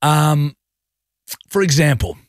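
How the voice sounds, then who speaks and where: A man's voice: fairly high pitch, slow pace, dry recording. A man co-hosting a radio show, telling stories in casual, jokey banter from a studio microphone. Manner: animated, jokey, acts out voices in his stories. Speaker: radio co-host.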